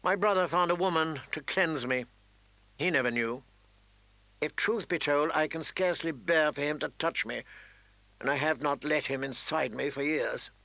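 Male narrator doing a haughty, scornful queen, lifted a little in pitch, bright and dry. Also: moderate pace, no room sound. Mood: contemptuous. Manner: contemptuous, haughty, turning seductive. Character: proud scornful noble queen, woman.

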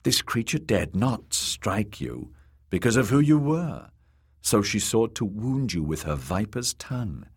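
A man voicing a soft-spoken, sly noblewoman who soothes and coaxes. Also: fairly low pitch, big pitch swings, unhurried, breathy edge, full character voice. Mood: soothing.

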